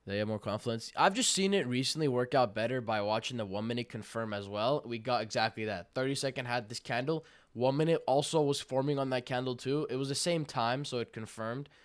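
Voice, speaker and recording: A young man calls his trades live on a stream, slangy and hyped, breaking into loud cheers. His voice sounds smooth and clear. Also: medium pitch, fairly quick, few pauses. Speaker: livestream day trader. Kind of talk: live trading stream commentary.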